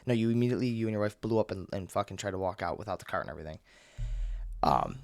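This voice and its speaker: A young man telling a story as a vlogger, profane and animated, acting out people yelling. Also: fairly low pitch, fast, no echo. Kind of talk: casual storytelling rant.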